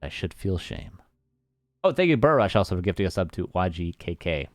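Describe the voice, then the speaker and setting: A man's voice: low voice, very animated, fairly quick, no echo, studio quality, soft background music. A Canadian man casting a live strategy game match, chatty and self-mocking, thanking viewers by name between plays. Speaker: esports caster.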